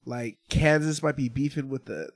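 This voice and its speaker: A man's voice: medium pitch, moderate pace, dry recording. A man co-hosting a podcast in casual chat, who drags his words out and keeps agreeing with fillers. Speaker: podcast co-host.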